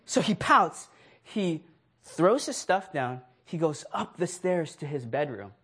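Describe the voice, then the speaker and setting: Animated man telling a sermon story. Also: on the high side, takes it slowly, slightly rough. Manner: animated storyteller who acts out voices and laughs. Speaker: preacher.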